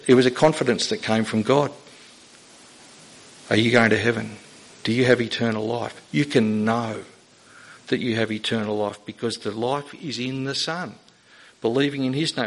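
A man delivering a sermon from the pulpit. He speaks earnestly at a middle pitch, pressing his listeners with rising, emphatic questions. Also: a bit bright, low-quality recording. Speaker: pastor.

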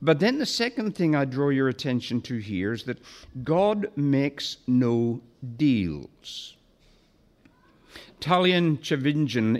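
A man preaching an expository sermon, deliberate and emphatic, slowing down to stress key phrases. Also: medium pitch.

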